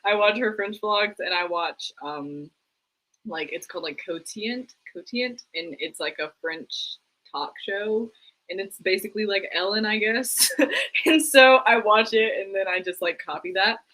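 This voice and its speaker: A young woman co-hosting a live stream, chatting casually about theater news, full of "like" and quick laughs. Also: medium pitch, bright, forceful tone, low-quality recording. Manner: chatty, lots of "like", laughs easily. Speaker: co-host.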